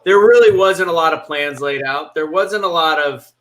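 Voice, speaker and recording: Bright high-voiced man musing. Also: moderate pace. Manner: hesitant, restarting, thoughtful. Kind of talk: casual chat.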